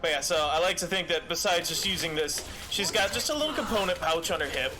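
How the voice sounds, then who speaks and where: A man with a fairly high, animated voice talks quickly while music plays in the background. He's streaming a game and chatting casually, rambling with lots of fillers and restarts.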